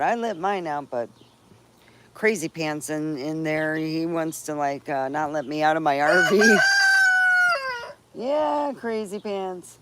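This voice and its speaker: On a noisy outdoor phone live stream, a middle-aged woman with a bass voice chats cheerfully, rambling with restarts and frequent laughs. She sits under a tree in a backyard, with birds and chickens around her.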